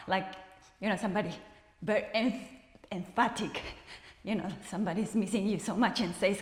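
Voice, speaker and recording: A woman instructor calmly cueing a guided movement and breathing practice, counting reps and offering soft encouragement. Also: medium pitch, a little slow, long pauses. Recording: echoey room with long reverb.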